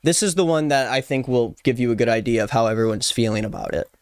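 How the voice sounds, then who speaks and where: A man's voice: medium pitch, quick pace, a little mellow. A man in his twenties giving playful, jokey casual commentary as a YouTube host. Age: 20s. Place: Los Angeles.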